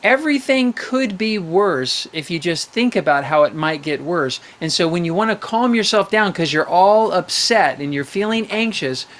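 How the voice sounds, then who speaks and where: A man's voice: high-pitched, lively intonation, normal speed, hardly any pauses, a bit bright. A man hosting a live call-in show, coaching young callers in a playful, upbeat way, asking questions and running little games.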